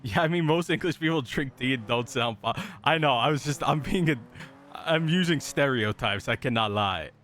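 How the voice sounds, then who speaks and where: A man's voice: medium pitch, expressive, moderate pace, a bit bright, slight background noise. Laid-back man streaming a police roleplay. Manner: laid-back, swears casually, laughs easily. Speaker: streamer playing a police officer. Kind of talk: casual gaming stream and in-game radio chatter.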